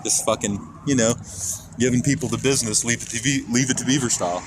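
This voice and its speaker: Walking outdoors on city streets, an IRL streamer from Kansas, USA, chats casually with his viewers, rambling and cursing straight to the chat. He holds his phone in hand; his mid-range voice runs a little fast over loud traffic and street noise.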